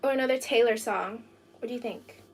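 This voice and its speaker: A woman talks casually to her viewers in quick, giggly bursts. Her voice sits a little high, and a faint noise runs under the recording. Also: creaky. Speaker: livestreamer. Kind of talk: casual livestream chat.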